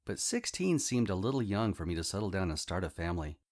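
Low, lively male audiobook narrator. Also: quick pace. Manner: wry, humorous storytelling as a teenage wizard. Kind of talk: first-person scripted narration.

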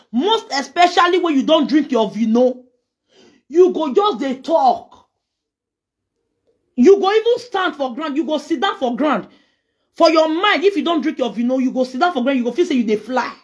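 A woman's voice: sits high, expressive, normal speed. A Nigerian woman delivering a heated, scolding rant in which she trades insults. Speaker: social media personality. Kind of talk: angry response rant.

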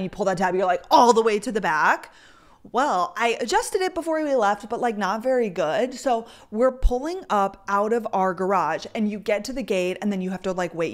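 A young woman hosting a podcast, chatting casually into a microphone and telling stories with lots of "like" fillers. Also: mid-range voice. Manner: chatty storyteller, heavy use of "like". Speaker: podcast host. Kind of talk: casual chat.

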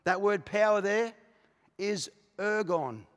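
A passionate Australian pastor preaching with a very high, ringing voice. His sermon swings from hushed asides to loud shouted declarations. The sound carries a long reverb from a large church auditorium. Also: lively intonation, slow pace, smooth. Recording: live church recording with long hall reverb.

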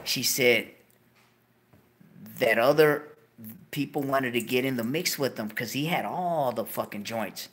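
A man hosting a show, telling a long profane story and breaking into high yelps of disbelief. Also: measured pace, long pauses, fairly bright tone. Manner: swears constantly, bursts into high yelps of disbelief. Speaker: show host.

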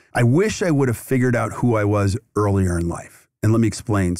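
A middle-aged man answering interview questions in an animated, talkative way. He keeps jumping into acted-out quotes with lively swings in his voice. The recording is dry and close, with no room sound. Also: lowish voice, dry recording. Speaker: podcast guest, dental industry consultant.

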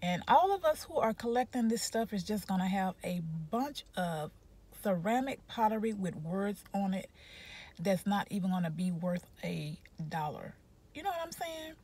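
A woman's voice: mid-range voice, very animated, moderate pace, mellow, husky. A woman chatting casually to her viewers from her car, rambling through a story and saying y'all a lot. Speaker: vlogger. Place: parked car.

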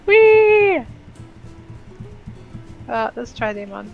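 Female co-player, high voice, unhurried, playful and exclaiming. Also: lively intonation, narrow, tinny audio, faint music behind. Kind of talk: casual gameplay chat.

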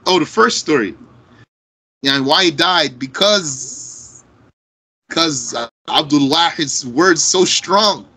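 A man teaching a religious lesson, reading Arabic texts and explaining them slowly line by line in English. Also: a little high, expressive, pushed and bright, slightly rough, low-quality recording.

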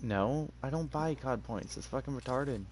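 A man's voice: medium pitch, normal speed, a little mellow, a little hiss or hum. A young man with an English accent, chatting casually while gaming, crude and sarcastic, trash-talking and swearing. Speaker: gamer.

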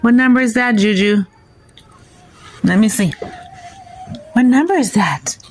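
An older woman, chatting excitedly to her viewers in a casual vlog. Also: a little high, a little slow. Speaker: vlogger.

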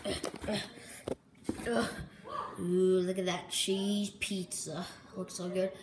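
A woman's voice: lowish voice, flat delivery, takes it slowly. A woman voicing a whiny, dramatic female chicken plushie who loves pizza, in a home toy skit. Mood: hungry. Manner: whiny, dramatic, complains and wails. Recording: echoey room with background noise.

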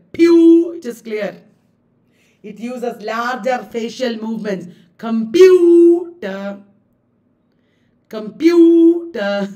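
A woman with an Indian English accent teaching a live online class, lively, laughing often and repeating words with exaggerated stress. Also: a little high, recorded from a distance. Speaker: online exam-prep teacher.

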